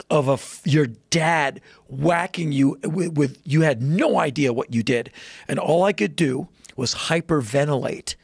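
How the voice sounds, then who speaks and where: A man guest telling a story in a casual podcast chat, animated, jumping into loud high voices when he quotes people. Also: creaky, breathy edge, no room sound. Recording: dry close podcast mic.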